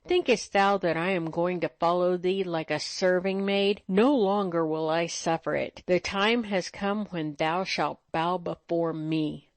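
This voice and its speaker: A woman's voice: lowish voice, steady tone, unhurried, few pauses, dry recording. A woman voicing a proud, scornful noblewoman feared as a witch, speaking mockingly in archaic speech.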